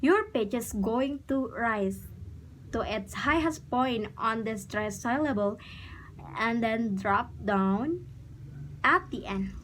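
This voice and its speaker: A woman's voice: fairly high pitch, a bit bright, a little hiss or hum, rough recording. A woman student explaining her part of a class presentation, reading example sentences aloud.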